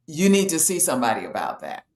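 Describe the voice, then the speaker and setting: A woman's voice: low voice, big pitch swings, fast talker, darkish tone, roomy sound. A woman explaining a health topic in a casual, matter-of-fact way, as host of a talk show. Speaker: health educator.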